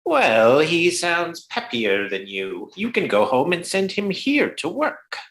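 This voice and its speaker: Woman as scolding male lawyer boss, radio comedy; low, deliberate, lively up and down. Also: exaggerated voice. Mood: exasperated. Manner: sarcastic, exasperated, scolding. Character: exasperated middle-aged male boss, a lawyer, gruff. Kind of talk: 1950s radio comedy recreation.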